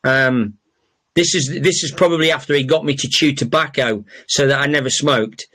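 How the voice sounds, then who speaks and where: A man's voice: mid-range voice, normal speed, sharp tone. A middle-aged man hosting a podcast, telling casual stories with lots of fillers, restarts and swearing. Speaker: podcast host. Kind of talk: casual storytelling monologue.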